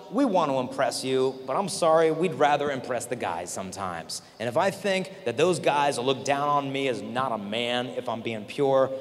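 Animated male speaker in a big hall. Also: mid-range voice. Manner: animated, acts out quoted voices. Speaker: conference speaker. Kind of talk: storytelling talk to a youth audience. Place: large convention hall. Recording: long hall reverb, faint noise.

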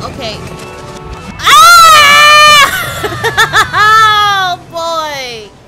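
A woman streaming a platform game, exasperated and often shouting at her failures. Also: high-pitched. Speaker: gameplay streamer. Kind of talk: let's play commentary. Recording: loud game music behind. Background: game music.

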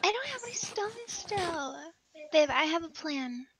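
A woman chatting casually while playing a game, giggly and excitable, breaking into shrieks and laughs. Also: very high voice, a little slow, noisy background. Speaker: streamer's partner playing along. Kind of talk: casual gameplay chat.

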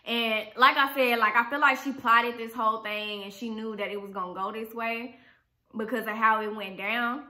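A young woman vlogger telling a storytime tale in animated, slangy, profane talk. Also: fairly high pitch, normal speed. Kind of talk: storytime vlog.

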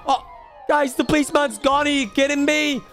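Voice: high-pitched, steady tone, brisk, fairly bright tone, faint music behind. A gaming creator narrating a roleplay as a lost baby, talking dramatically to viewers and exclaiming often. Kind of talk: game roleplay commentary to viewers.

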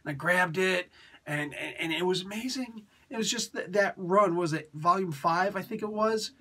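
A woman's voice: on the low side, moderate pace, a bit bright, breathy edge. A woman from Italy giving a casual, exasperated comic book review. She repeats herself and keeps tacking "man" onto her sentences.

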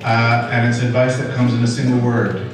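A man voice actor giving wry, deadpan advice and stories on a convention panel. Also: mid-range voice, a little fast, music in the background. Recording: echoey convention hall, distant mic, noisy.

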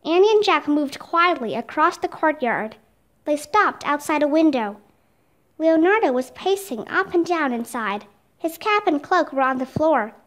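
Woman reader, children's audiobook, high voice, steady. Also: a little slow.

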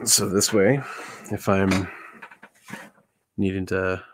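A man's voice: low voice, level tone, slow, a little hiss or hum. A man chatting casually on a live stream, thinking aloud with restarts and greeting viewers while showing a puppet build.

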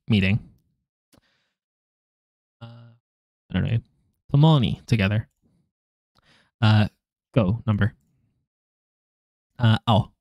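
A man's voice: on the low side, dry recording, studio quality. A man streaming his language study, chatting casually, joking and rambling, laughing often and trailing off with fillers. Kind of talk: casual live-stream chat.

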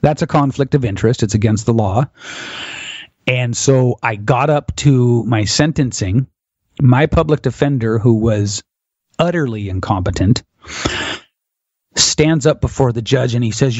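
A man's voice: medium pitch, lively intonation, measured pace, darkish tone, dry recording. A man from the United States, a guest on an interview podcast, telling a vivid personal story and acting out what others said. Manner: vivid storyteller who chuckles and acts out quotes. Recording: dull, dry lo-fi audio.

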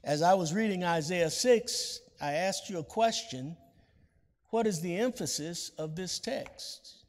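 A male pastor preaching a sermon with a deliberate cadence, drawing out the words he stresses. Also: sits high, big-room sound.

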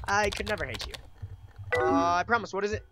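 A young man with a high-pitched voice, talking fairly quickly, delivers cheeky, cussing let's-play commentary. He reads viewers' chat aloud and responds with exaggerated mock drama; there's background noise and loud keyboard typing.

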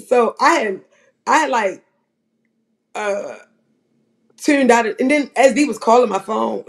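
A commentator rambling through profane, animated, casual talk about other livestreamers. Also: mid-range voice, slow, pauses often.

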